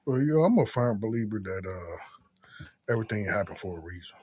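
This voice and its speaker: A man talks as a guest in a relaxed, rambling way. His voice is low and a little husky, and he often throws in "you know what I'm saying.". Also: brisk. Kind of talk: casual conversation.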